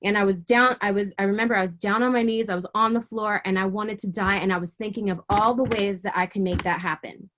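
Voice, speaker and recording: A woman guest in an interview giving a personal faith testimony. She speaks with emotion and earnestness, often halting, repeating words and restarting her sentences. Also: medium pitch, fairly even intonation, fairly bright tone. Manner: fervent and earnest.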